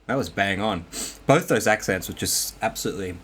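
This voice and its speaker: A man's voice: lowish voice, lively intonation, a little fast, fairly bright tone, slightly rough. A man co-hosting a podcast in casual banter, calling in from abroad, jokey and playful with loose fillers. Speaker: podcast co-host. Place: abroad in Korea, calling in remotely.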